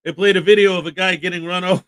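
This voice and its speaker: A man's voice: sits high, steady tone, rapid-fire, a bit bright, clear, resonant tone. Jokey male livestream host. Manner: jokey, upbeat, greets chat viewers by name. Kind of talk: casual livestream morning show.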